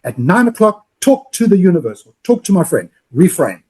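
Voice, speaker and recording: A man's voice: high voice, fairly quick, husky. A man co-hosting a podcast, coaching with energy and acting out sample phone calls. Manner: animated, acts out phone calls in other voices. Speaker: podcast co-host, loan officer.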